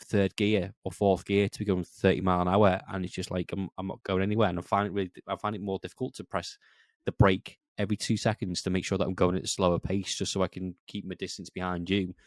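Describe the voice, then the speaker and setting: A man co-hosting a podcast in casual chat, animated and acting out quoted remarks in a raised voice. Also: deep voice, quick pace, dry recording, studio quality. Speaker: podcast co-host.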